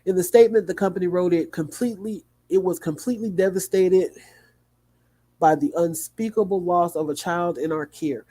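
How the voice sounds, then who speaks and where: A sleepy, yawning man reads a news article aloud to his livestream audience. His voice sits a little high but sounds mellow and soft-edged. He stumbles now and then and breaks off for quick asides. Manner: reads haltingly with small slips and asides. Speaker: livestream host.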